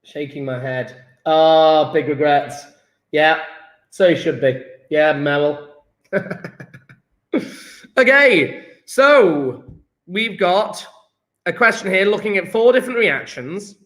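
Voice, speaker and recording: A man's voice: on the high side, lively intonation, slow, pauses often, fairly bright tone. A man teaching a casual chemistry revision lesson, jokey and chatty, talking straight to his viewers.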